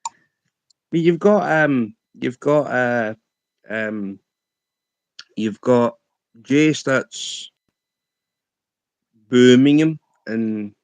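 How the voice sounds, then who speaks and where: A man's voice: mid-range voice, drawn-out words, pauses often, darkish tone, dry recording. A man with a Scottish accent chatting casually on a live stream, laid-back, laughing easily and hesitating with fillers.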